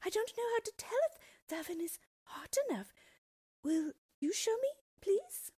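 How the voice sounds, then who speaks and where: A woman voicing a frightened little girl who pleads in a high voice, in a storybook reading. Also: expressive, normal speed, mellow, no room sound, clean studio sound. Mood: pleading.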